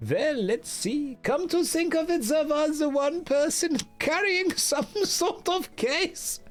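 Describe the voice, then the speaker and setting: A man's voice: very high voice, soft background music, pitched above the performer's own voice. A man voicing a game townsperson in an exaggerated mock French accent, drawing out each line. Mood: mock-earnest. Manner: over-the-top mock French accent, drawn-out lines.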